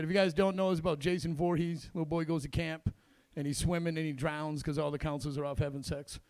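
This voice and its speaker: Gravelly high-voiced stand-up comedian. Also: male voice, dry recording. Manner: crude, rambling, acts out quotes. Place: comedy club stage in a casino.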